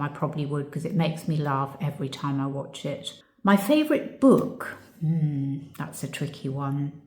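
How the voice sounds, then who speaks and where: A woman vlogger answering viewer questions in a casual, reflective chat that turns emotional. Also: fairly low pitch. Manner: warm, reflective, gets emotional. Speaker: channel host. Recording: echoey room.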